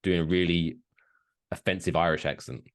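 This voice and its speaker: A man's voice: deep voice, fairly even intonation, normal speed. A man in his thirties co-hosting a podcast, rambling and joking crudely in casual chat. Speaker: podcast co-host.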